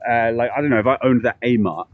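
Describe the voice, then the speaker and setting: A vlogger walks city streets on a live stream, chatting casually and rambling through stories, filmed on a handheld camera. He has a medium-pitched voice and talks fast. The sound is phone-quality with no room sound.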